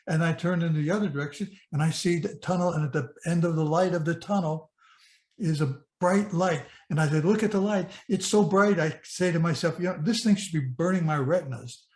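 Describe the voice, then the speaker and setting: A man's voice: high-pitched, reverberant. A man in his eighties from Michigan, telling a personal experience in an earnest, vivid present tense with frequent restarts. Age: 80s. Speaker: speaker sharing a personal experience. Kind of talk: personal storytelling talk.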